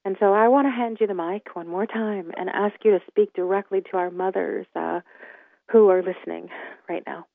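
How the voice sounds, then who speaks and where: A woman's voice: mid-range voice, steady tone, moderate pace, gravelly, no room sound. A woman hosting a radio talk show, speaking in an earnest, heartfelt way. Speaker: host. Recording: tinny phone-like line.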